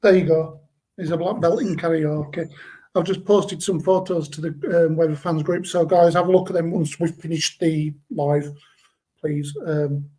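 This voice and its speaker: A man's voice: fairly high pitch, darkish tone, rough recording. A man, co-hosting a casual weather live stream with joking banter. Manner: jokey, banters and laughs. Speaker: amateur storm chaser co-host.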